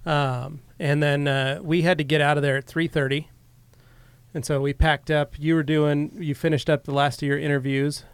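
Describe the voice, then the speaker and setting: A man's voice: on the high side, little pitch movement, moderate pace, clean tone, dry recording. A man co-hosting a podcast, telling an easygoing story in casual chat with lots of fillers. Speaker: podcast co-host.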